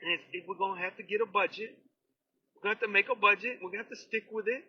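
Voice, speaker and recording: A man's voice: high-pitched, fairly even intonation, rapid-fire, husky, muffled recording. A man, a union steward, giving a blunt, fired-up campaign talk in plain slangy speech. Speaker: union steward running for local president.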